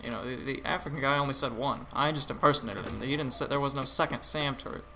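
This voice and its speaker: A man's voice: medium pitch, quick pace, bright, forceful tone. A tired man giving laid-back, rambling commentary over gameplay, with many restarts and fillers. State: tired, yawning. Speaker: gaming channel host. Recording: noisy home recording with clicks.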